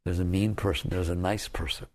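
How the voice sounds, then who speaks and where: A man's voice: deep voice, fairly even intonation, a little fast. A man giving a spiritual talk to an audience. He speaks emphatically, repeats his key phrases and puts questions to the listeners. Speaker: spiritual teacher.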